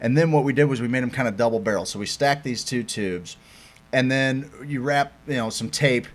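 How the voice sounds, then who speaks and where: A podcast co-host tells a long-winded story in a mid-range voice. He stalls on fillers and restarts, and drops casual swearing along the way. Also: medium pitch. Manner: rambling, halting with fillers, profane.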